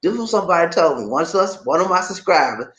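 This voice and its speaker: A middle-aged man hosting a casual online live chat, his pitch swinging widely as he tells stories with outspoken, laughing energy. The room is echoey. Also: fast talker. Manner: animated, laughing, outspoken storyteller. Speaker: YouTube show host.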